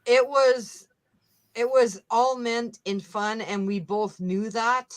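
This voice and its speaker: Slow-talking blunt woman, casual chat. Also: fairly high pitch, fairly even intonation, low-quality recording. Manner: blunt, profane, laughs often.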